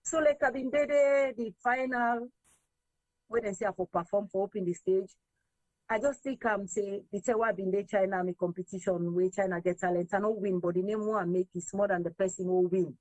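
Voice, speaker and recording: A woman from Sierra Leone with a Sierra Leonean accent, mixing in Krio, telling her story as an interview guest in a lively way, acting out what others said. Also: medium pitch, normal speed, no echo, rough recording. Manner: lively, quotes others in raised voices, slips between English and Krio.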